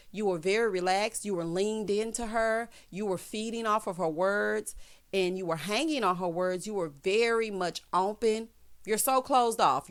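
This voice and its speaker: A woman's voice: mid-range voice, a bit bright. A woman giving a sassy, chatty recap of a reality show, peppering her talk with "child" and "honey" asides and acting out what the cast said. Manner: acts out cast members' lines in shifting voices. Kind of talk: casual recap commentary.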